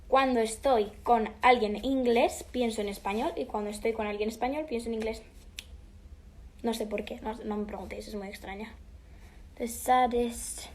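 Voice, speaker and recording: This teenage girl's voice runs on the high side as she casually answers fan questions on a livestream from a room at home. She switches between English and Spanish and now and then sinks into a soft half-whisper.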